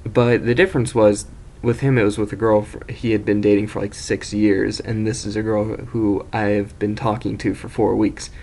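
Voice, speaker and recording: A man's voice: lowish voice, level tone, normal speed, dark tone, slight background noise. A young man casually telling an embarrassing story as host of his own video series, rambling, self-mocking and swearing freely.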